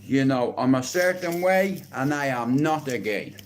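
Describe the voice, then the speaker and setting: A man's voice: medium pitch, expressive, a little slow, a little hiss or hum. An Irish man in his young adult years, talking bluntly and emotionally, with plenty of swearing, on a rambling live stream from a garden shed.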